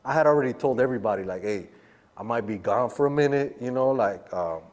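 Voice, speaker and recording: A man in casual conversation, mid-pitched and easygoing, talking in street slang and acting out the voices of others in his story. His voice hangs in a room with a long, lingering reverb. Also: animated, brisk, a little mellow. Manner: laid-back street slang, acts out the quoted voices. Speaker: podcast guest.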